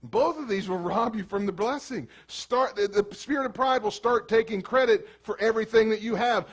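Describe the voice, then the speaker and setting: A man preaching a sermon as pastor in a casual, animated way, slipping into quick acted asides. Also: high-pitched, breathy edge.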